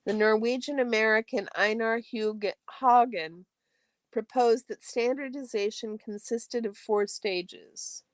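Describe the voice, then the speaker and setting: A woman hosting a study stream, reading a textbook aloud in a steady, careful way and now and then correcting a slipped word. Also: on the high side, slow, dry recording.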